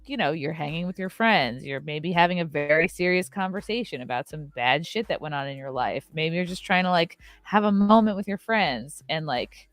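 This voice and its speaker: A woman telling a story in a casual podcast chat, animated and profane, acting out what people said. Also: deep voice, normal speed, hardly any pauses, dry recording, clean studio sound. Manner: animated, profane, acts out quotes.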